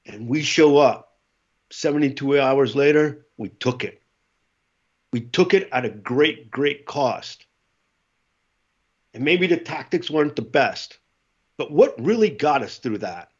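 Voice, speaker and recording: A middle-aged man, a former Marine, telling stories in a casual interview, animated and acting out what others said. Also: medium pitch, slow pace, pauses often, husky, muffled recording. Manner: animated storyteller, acts out quotes. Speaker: podcast guest, former Marine.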